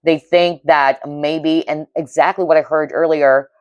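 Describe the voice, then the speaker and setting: Woman with a low voice doing a tarot reading, earnest and feeling it, dry close sound. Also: steady tone, unhurried, no room sound, lo-fi sound. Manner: earnest, intuitive, frequent "okay?" check-ins; emotionally moved, empathic. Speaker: tarot reader. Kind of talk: pick-a-card tarot reading.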